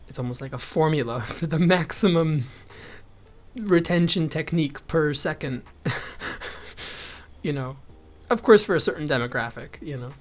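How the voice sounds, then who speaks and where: A man's voice: a little high, normal speed. Young guy rambling off on tangents, little laughs, casual chat while crocheting. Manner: chuckles often, thinks aloud while counting stitches. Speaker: vlogger.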